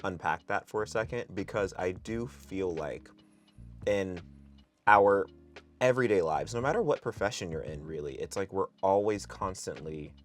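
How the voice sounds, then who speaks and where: A man hosting a studio interview, playful and animated, mock-offended at times, then earnestly reflective. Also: sits low, moderate pace, soft background music. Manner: playful, animated, jokingly aggrieved. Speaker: podcast host. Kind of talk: casual interview chat.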